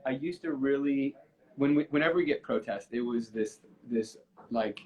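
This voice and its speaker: Poor audio carries this man's darkish, medium-pitched voice at a moderate pace. He's a musician appearing as a guest on a live stream, relating a story with earnest feeling and frequent restarts in a casual chat.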